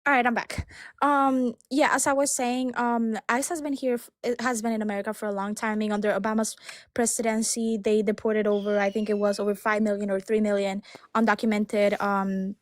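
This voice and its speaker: A woman calling into a live debate stream, speaking haltingly with many fillers and restarts. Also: mid-range voice, little pitch movement, no echo, studio quality. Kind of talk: hesitant debate on a call.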